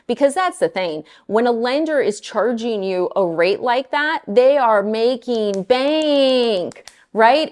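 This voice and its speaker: Middle-aged woman, mortgage lender, casual viewer talk, blunt, animated, exasperated. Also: fairly high pitch.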